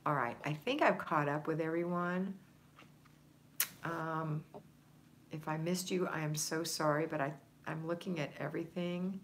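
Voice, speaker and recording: Woman, low pitch, livestream home-organizing coach, chatty and encouraging, faint room ambience. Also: fairly bright tone, a little hiss or hum. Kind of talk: livestream chat reading viewer comments.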